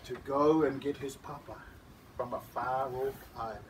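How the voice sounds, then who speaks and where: A man telling a story to schoolchildren, dramatic, shifting from whispers to loud calls. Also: medium pitch, fairly even intonation, a little slow. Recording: distant mic with background noise.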